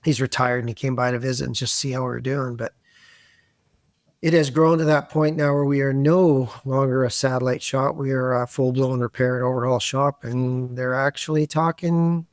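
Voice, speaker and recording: A middle-aged man from Canada, a podcast guest telling animated, self-deprecating stories in a relaxed conversation. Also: medium pitch, normal speed, no room sound, studio quality. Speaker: interview guest. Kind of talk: conversational interview.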